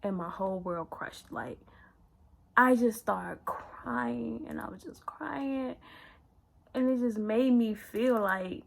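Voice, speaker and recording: A young woman vlogger telling a personal story candidly in casual slang, often sinking to a hushed, near-whispered voice. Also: fairly high pitch, slow pace, creaky, low-quality recording.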